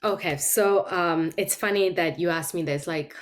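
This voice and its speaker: A woman's voice: fairly low pitch, normal speed, a crowd in the background. A middle-aged woman talking casually as a podcast guest, telling stories animatedly with frequent laughter. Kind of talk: casual conversation.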